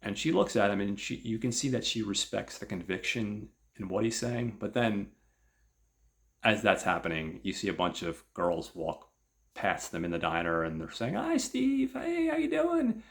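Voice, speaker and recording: Male host, low gravelly voice, loose rambling film recap. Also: steady tone, normal speed, fairly bright tone. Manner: rambling, with many filler words. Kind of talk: casual film plot recap.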